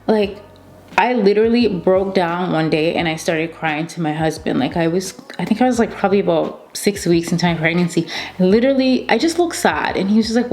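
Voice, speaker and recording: A woman's voice: fairly low pitch, a little mellow. A woman in her thirties chatting casually to camera as a beauty vlogger, telling a story with lots of repeated emphasis. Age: 30s.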